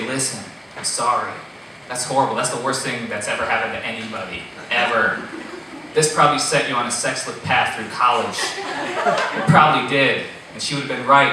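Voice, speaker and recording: Man telling a story in an echoey hall. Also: mid-range voice. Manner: animated, laughs at himself, swears freely, acts out his panic. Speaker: storyteller on stage. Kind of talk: live storytelling. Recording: echoey hall, distant mic, noisy.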